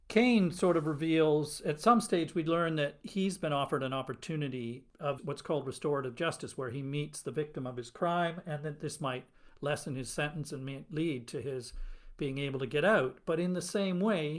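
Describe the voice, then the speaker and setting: A man hosts a podcast discussion with an engaged, enthusiastic manner. His voice sits a touch higher than most men's. He asks his questions with clear interest. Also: normal speed. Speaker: podcast host.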